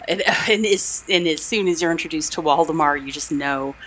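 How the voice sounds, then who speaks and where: A woman's voice: low voice, a little fast, a bit bright. A woman co-hosting a podcast, chatting casually about an old film, laughing often as she retells scenes. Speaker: podcast co-host.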